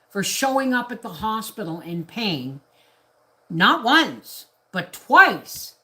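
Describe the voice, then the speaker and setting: A woman's voice: on the low side, bright, forceful tone. A middle-aged woman from Canada talking on a casual live stream, ranting in a rambling, indignant way with restarts. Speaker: homestead vlogger on a live stream.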